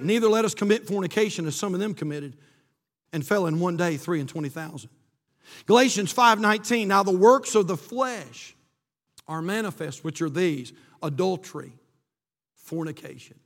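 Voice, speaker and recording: Male pastor, high voice, impassioned pulpit sermon, long church echo. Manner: impassioned preaching, reading scripture aloud. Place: church sanctuary.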